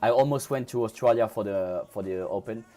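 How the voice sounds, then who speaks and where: A man's voice: fairly low pitch, fairly quick, mellow. A man with a French accent, a native French speaker, chatting casually with viewers on a trading live stream, often restarting and repeating words. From France. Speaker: crypto trading livestreamer.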